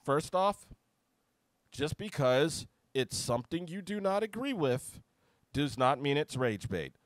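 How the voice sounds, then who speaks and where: A man's voice: on the high side, sing-song, a little slow, no room sound. Man ranting angrily, dry close sound. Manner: heated, profane, shouty outbursts. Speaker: YouTube commentator. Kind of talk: angry reaction rant.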